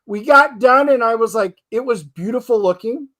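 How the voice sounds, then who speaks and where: High-voiced man chatting about films. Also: normal speed. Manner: animated storytelling, quotes himself and his wife. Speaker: guest. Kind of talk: casual chat about movies.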